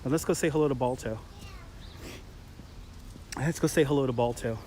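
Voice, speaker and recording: A Brooklyn man with a New York accent leads a live walking tour through a city park, chatting, joking, laughing often and greeting viewers in casual live-stream narration. His voice sits at medium pitch with a dark tone and moderate pace, over a slight hiss or hum.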